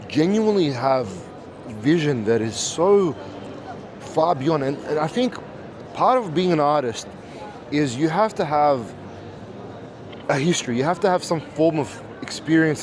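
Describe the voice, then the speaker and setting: Excited man vlogging through a crowd. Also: fairly high pitch. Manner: enthusiastic, talks straight to viewers. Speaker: vlog host. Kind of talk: casual walk-around vlog. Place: busy art festival hall. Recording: crowd noise behind. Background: crowd chatter.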